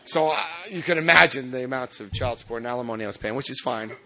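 A man from New Jersey telling his recovery story to a meeting, animated and self-mocking, with laughs and restarts. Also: mid-range voice, fast. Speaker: recovering alcoholic speaker.

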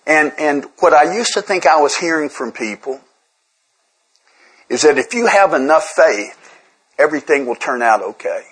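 A man's voice: a little high, fairly bright tone, husky, rough recording. A man speaking candidly to a recovery group in a conversational, self-deprecating way, often repeating words as he restarts his sentences. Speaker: speaker sharing at a twelve-step recovery workshop.

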